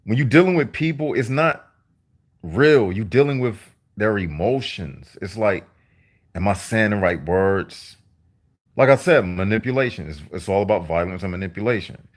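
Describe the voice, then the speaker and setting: Man, fairly low voice, slow deliberate preachy talk, live video monologue. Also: expressive. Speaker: vlogger. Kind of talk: livestream monologue to viewers.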